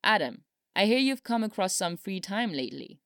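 A woman's voice: medium pitch, big pitch swings, moderate pace, no echo, voice pushed up. A woman voicing a dry-humored older male president, speaking solemnly with a wry edge, in a storybook reading.

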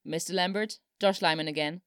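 Brief: woman reads a male aide, patient and teasing, smooth low voice, dry sound. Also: fairly even intonation, a little fast, no echo, natural voice. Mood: amused. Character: male political aide, brisk and amused.

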